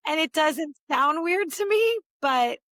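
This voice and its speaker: A woman's voice: sits high, slow, dry recording, studio quality. A woman from Delaware County with a Philadelphia-area accent, co-hosting a casual chat over drinks and talking animatedly with a laugh in her voice. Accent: Philadelphia (Delco). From Delaware County, Pennsylvania. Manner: animated, laughing, piles on examples. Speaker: podcast co-host.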